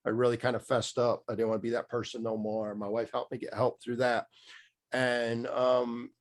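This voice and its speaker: The delivery is flat, at medium pitch and a moderate pace, as a middle-aged podcast guest tells his story. A mindset coach, he's candid and rambling in this casual storytelling interview, full of fillers and restarts.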